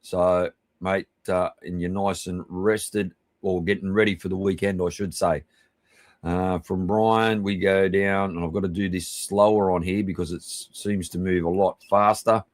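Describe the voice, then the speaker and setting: An Australian man hosting a live stream, giving rambling, chummy shout-outs to viewers and swearing casually. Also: low voice, fairly even intonation, measured pace, no echo. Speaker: livestream host.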